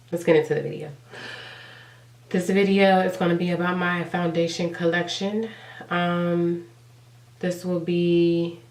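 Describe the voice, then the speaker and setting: A young woman with a head cold, her voice congested and raspy, talks casually to her viewers with plenty of fillers. Her pitch sits low and barely moves. She sounds a little set back from the mic, with a roomy echo around her. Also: darkish tone, distant mic. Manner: chatty, rambling, filler-heavy. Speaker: beauty vlogger. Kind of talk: casual chat.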